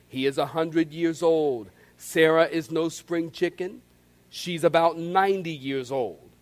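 A man preaching a sermon in an animated way, calling on the congregation to respond. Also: fairly high pitch. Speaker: pastor.

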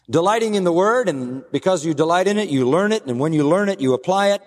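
A man preaching a sermon in a measured, deliberate way, slowing down for emphatic phrases and reading scripture aloud. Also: high voice, expressive. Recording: long hall reverb.

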